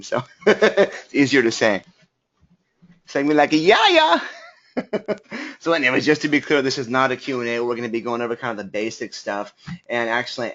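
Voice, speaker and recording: A man's voice: mid-range voice, fairly bright tone. Casual male webinar host, mid-range voice, filler-heavy and friendly with viewers, dull lo-fi computer mic. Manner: chatty, greets viewers, many fillers. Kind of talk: casual live webinar talk. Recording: slightly dull lo-fi audio.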